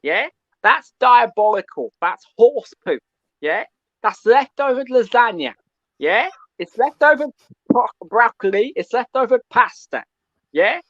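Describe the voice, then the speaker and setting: A male caller ranting about football, loud and animated, who keeps asking "yeah?" between points. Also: very high-pitched, unhurried, no echo, dull audio. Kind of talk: call-in football rant.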